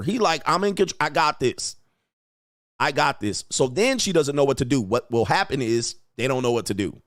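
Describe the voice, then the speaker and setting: Man, livestream host, blunt crude lecturing, slightly high voice, dry sound. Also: no echo. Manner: acts out quoted women in a higher voice. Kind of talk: livestream commentary.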